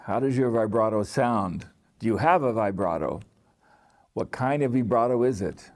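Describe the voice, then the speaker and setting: A man teaching singing, explaining calmly to camera with many restarts and short sung demonstrations. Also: on the low side, normal speed. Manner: relaxed, thinking aloud with restarts and sung demonstrations.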